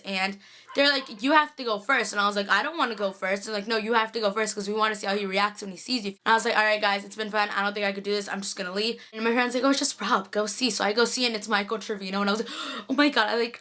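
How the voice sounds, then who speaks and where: Fast-talking excitable young-sounding woman. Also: on the high side. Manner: excitable, gushing, many "like"s. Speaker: vlogger. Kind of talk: casual storytelling to camera.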